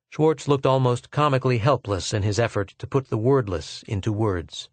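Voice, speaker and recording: Measured male audiobook narrator. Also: mid-range voice, no echo. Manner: measured, steady storytelling. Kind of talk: scripted narration.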